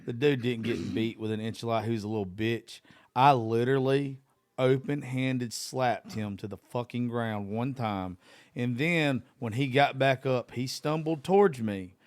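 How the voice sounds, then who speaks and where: A man's voice: medium pitch, unhurried, no echo. Blunt, profane man hosting a podcast. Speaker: podcast host. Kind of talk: casual chat.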